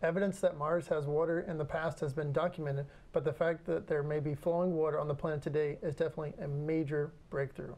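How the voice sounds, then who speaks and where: A man's voice: a little high, little pitch movement, a little mellow. A young man co-hosting a podcast, presenting science news eagerly and stumbling a little when off script. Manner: eager, slightly halting when unscripted. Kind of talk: casual news chat.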